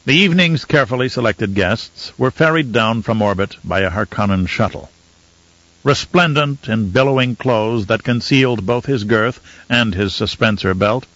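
A man's voice: mid-range voice, fairly bright tone, no room sound. Man narrating an audiobook, dry lo-fi sound. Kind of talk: scripted narration.

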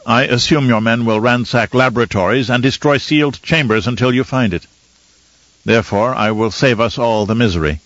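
A man's voice: medium pitch, a little fast, a bit bright, no room sound, muffled recording, close to an everyday voice. A man reading an audiobook, voicing an anxious male scientist who pleads earnestly. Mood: pleading.

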